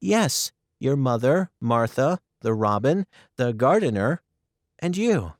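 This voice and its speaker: A man voicing a timid, excitable young girl in a storybook reading, eager and pleading. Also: medium pitch, slow, no echo, clean studio sound, voice pushed up.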